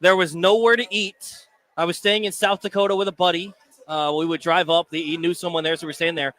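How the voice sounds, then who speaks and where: A man's voice: high voice, steady tone, brisk, fairly bright tone, dry recording. A man co-hosting a live sports talk show from a sports bar, telling stories in a playful, teasing way. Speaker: sports radio co-host. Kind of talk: casual sports talk banter.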